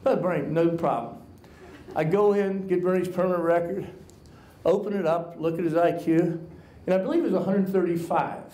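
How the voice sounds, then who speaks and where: A man's voice: high-pitched, steady tone, fairly quick, dark tone. A male author giving a talk to a live audience at a college, telling wry, self-mocking anecdotes. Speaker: author and guest speaker. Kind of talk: humorous storytelling talk to an audience. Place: college lecture hall with an audience. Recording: echoey hall sound.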